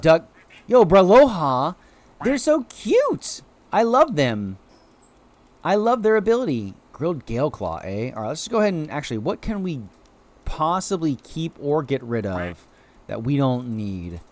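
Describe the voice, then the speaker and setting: A man streaming a video game live, chatting excitedly to viewers and cheering on his creatures, with sudden high-pitched exclamations. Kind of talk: live gameplay commentary.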